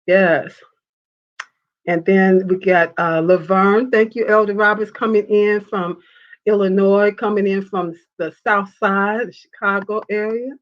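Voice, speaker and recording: A woman hosting a live faith talk show, reading viewer comments and telling a personal story in an animated way. She laughs often and acts out the voices of the people she quotes. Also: mid-range voice, a little slow. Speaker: show host. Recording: dull lo-fi sound.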